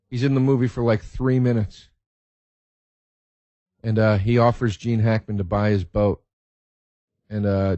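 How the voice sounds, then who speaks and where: A man with a mid-pitched voice rambles through stories on his podcast, cursing freely and getting worked up with enthusiasm. The sound is dry and close, with no room echo. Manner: profane, excitable storyteller. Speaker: podcast host. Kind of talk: casual monologue.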